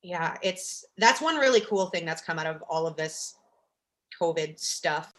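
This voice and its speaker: A young woman telling a warm story in casual chat, full of "like" and "you know". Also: on the low side, animated, a little slow. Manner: chatty, fillers like "like" and "you know".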